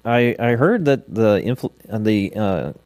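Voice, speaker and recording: Deep-voiced man hosting, dry close sound. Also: slow, dry recording. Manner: steady, steers topics, reads out statistics. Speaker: host. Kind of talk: casual chat.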